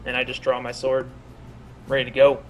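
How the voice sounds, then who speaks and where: A man's voice: mid-range voice, monotone, normal speed, background noise. A man playing a tabletop game in character, formal and polite, with some stammering. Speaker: player. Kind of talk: in-character tabletop role-play.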